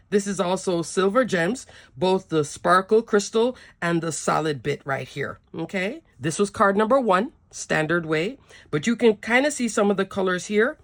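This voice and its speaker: Giggly, gushing woman showing off cards. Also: lowish voice. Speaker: papercraft channel host. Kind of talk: casual show-and-tell craft chat.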